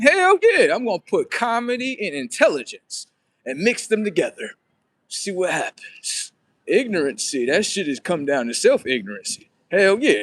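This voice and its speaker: A man hosting a livestream, rambling on in a profane, casual monologue and talking back to his viewers. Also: high-pitched. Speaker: livestream host.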